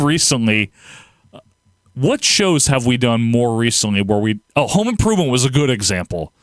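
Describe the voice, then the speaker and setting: Animated, rambling man hosting a livestream. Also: mid-range voice, no room sound. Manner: rambling, laughs often, animated outbursts. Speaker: livestream host. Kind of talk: casual livestream chat reading viewer comments.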